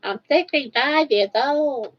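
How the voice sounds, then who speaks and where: A woman voicing a feeble old lady, drawing her words out slowly in a raised pitch. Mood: quavering. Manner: slow, drawn-out and raised in pitch. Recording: dull lo-fi livestream audio.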